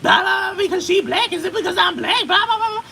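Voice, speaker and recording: A woman voicing a shrill, easily offended American woman, shrieking in indignant mockery over a noisy background. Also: fast, vocal fry, pushed and bright, exaggerated voice. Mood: outraged.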